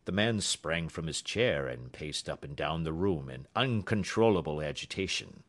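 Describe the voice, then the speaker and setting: A man reading a classic detective story aloud with steady narration. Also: rumbling low, moderate pace. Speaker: audiobook narrator.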